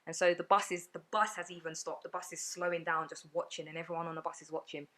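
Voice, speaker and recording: A woman, a podcast guest telling her own story in an earnest, rapid way with many fillers. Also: on the low side, flat delivery, sharp tone. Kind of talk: personal storytelling in a podcast interview.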